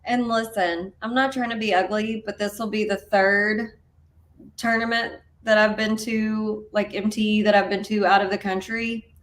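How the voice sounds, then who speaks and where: A woman's voice: mid-range voice, fairly even intonation, moderate pace, a little hiss or hum. A woman co-hosting a podcast in casual chat, telling chatty stories with frank asides. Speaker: podcast co-host.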